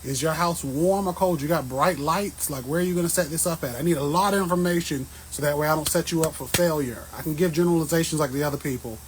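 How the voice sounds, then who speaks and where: A man chatting casually with his viewers on an outdoor patio, answering plant questions in a joking, animated way. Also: fairly high pitch, fast talker, few pauses, a little hiss or hum, rough recording. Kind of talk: casual livestream chat.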